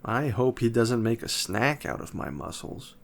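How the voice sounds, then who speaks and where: A man's voice: medium pitch, expressive, normal speed, gravelly. A man reading a feisty outspoken schoolgirl. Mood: snappy. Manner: snappy.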